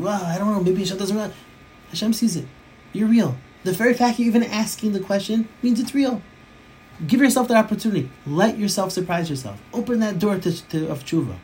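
Fast-talking rabbi giving a Torah class. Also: male voice, on the high side, slight background noise. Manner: emphatic, repeats phrases, mixes in Hebrew and Yiddish terms.

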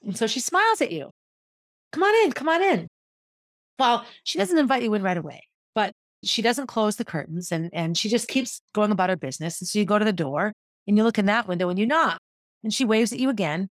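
Woman, ex-teacher, mid-pitched, vivid storyteller, dry close recording. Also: lively intonation, fast talker, no echo. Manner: vivid, descriptive, guiding listeners through a scene. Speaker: former teacher telling a personal story. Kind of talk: personal storytelling monologue.

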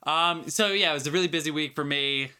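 A man co-hosting a laid-back film podcast with a bright, slightly high voice. He rattles through long lists of titles in a brisk, jokey way. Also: a little hiss or hum. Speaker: podcast co-host. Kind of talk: casual film podcast chat.

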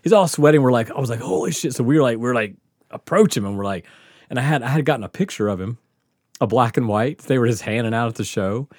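A middle-aged man spins a rowdy, cussing tale on a podcast. His pitch swings widely as he laughs through it. The recording is close and dry. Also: expressive, fast talker, a little mellow, dry recording. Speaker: podcast host. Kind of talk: casual storytelling.

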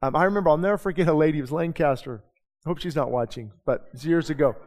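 In a sermon, a male pastor speaks loosely and conversationally, throwing in rhetorical questions and brief asides. His voice is slightly high for a man, with a darkish tone, and the long reverb of a church sanctuary surrounds it.

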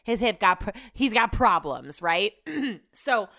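A middle-aged woman hosting a podcast, telling an animated, profane story and acting out what people said, with a throat she keeps clearing. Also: medium pitch, takes it slowly, no room sound, clean studio sound. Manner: animated, profane, acts out quotes. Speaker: podcast host. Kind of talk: casual storytelling.

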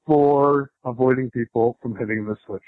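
A man's voice: medium pitch, steady tone, normal speed, no echo. A man who works in radio leaving a rambling, casual voicemail. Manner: rambling, self-interrupting. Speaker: radio worker, voicemail caller. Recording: dull lo-fi voicemail.

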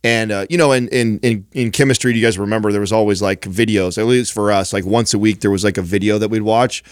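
A man in a casual podcast chat, telling stories and sharing theories in a relaxed, reflective way. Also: lowish voice, fast talker, clear, resonant tone, no room sound, clean studio sound.

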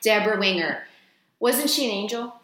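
A woman's voice: medium pitch, animated, moderate pace, fairly bright tone. Chatty swearing woman in an echoey room. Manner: chatty, swears freely, tangents. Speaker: podcast co-host. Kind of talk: casual chat.

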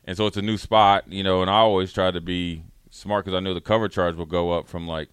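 A man hosting a radio talk show, telling a story in a casual, animated way and acting out his friends' lines. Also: low-pitched, fairly quick, clear, resonant tone, no room sound.

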